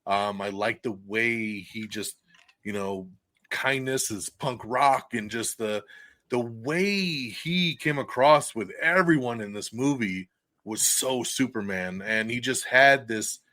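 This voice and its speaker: A man hosting a podcast, reviewing a movie in casual, excited chat. He swears freely and laughs often. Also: fairly low pitch, dry recording. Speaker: podcast host. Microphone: podcast mic, recorded live for video stream.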